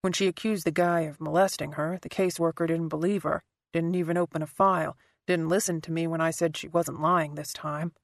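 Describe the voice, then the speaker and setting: A woman narrator lowers her voice to play a guarded, wounded man who speaks quietly and haltingly. The tone is dark and low, read close and dry with no room sound. It is an audiobook character voice. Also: steady tone, dry recording. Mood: subdued. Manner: soft, halting, low-key delivery.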